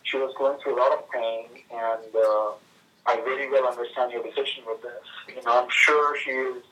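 Halting man on a tinny speakerphone. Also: mid-range voice, steady tone, sharp tone, distant mic. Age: 30s. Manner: halting, many fillers and restarts. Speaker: friend calling in. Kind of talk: casual phone conversation.

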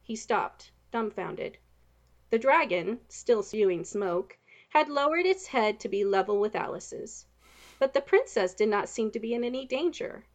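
A woman narrating a storybook in an expressive, even reading voice. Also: a little high, a little slow.

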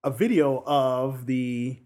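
A man retelling a film's story in relaxed, casual conversation. He slips into the characters' lines with sudden bursts of energy, then drops back to an easy, mid-pitched narrating voice. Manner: animated, acts out characters' lines in quick bursts. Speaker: film recapper. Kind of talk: casual chat, retelling a film plot.

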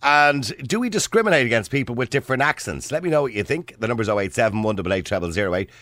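A man hosting a radio phone-in, chatty and animated and quick to laugh. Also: medium pitch, no room sound, clean studio sound. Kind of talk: casual talk radio chat. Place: radio studio.

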